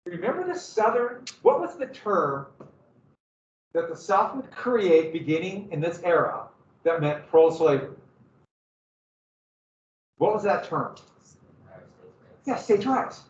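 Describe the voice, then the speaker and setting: A man teaching a history lesson to a class, lively and questioning his students. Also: sits high, moderate pace, long pauses. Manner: animated, asks the class questions. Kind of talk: classroom lecture. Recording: dull, roomy, from a distance.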